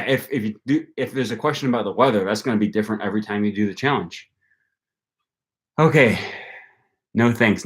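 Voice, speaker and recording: A young adult man with a Wisconsin accent and a lowish voice hosts a language-learning channel. During a casual livestream he rambles and muses aloud to viewers, peppering his talk with ums and likes.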